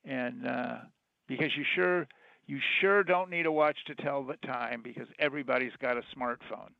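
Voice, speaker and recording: A gravelly middle-aged man speaks over a dull, muffled phone line. His voice is dry, with no room sound. He talks in a relaxed, plain way and lets sentences trail off. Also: mid-range voice, moderate pace, no room sound. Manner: laid-back, plainspoken, trailing off. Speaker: pawn shop owner, guest caller. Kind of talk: casual phone interview.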